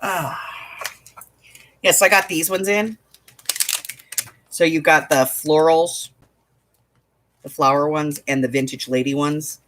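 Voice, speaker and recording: A woman's voice: deep voice, slow pace, long pauses, a bit bright, slight background noise. A woman running a craft shop, telling a story in casual chat, with exasperated asides. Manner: chatty storytelling, exasperated asides, laughs often.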